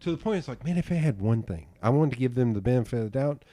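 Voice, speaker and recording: A man hosting a podcast, chatting casually and telling stories, jumping up in pitch when he acts out what people said. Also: very fast, no room sound. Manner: animated storyteller, acts out quotes with jumps in pitch. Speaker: podcast host and designer. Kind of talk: casual interview chat.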